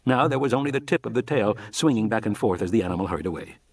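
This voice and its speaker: A man's voice: lowish voice, lively intonation, quick pace, husky, distant mic. A man narrating a novel as an audiobook reader, telling the story expressively. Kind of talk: scripted narration.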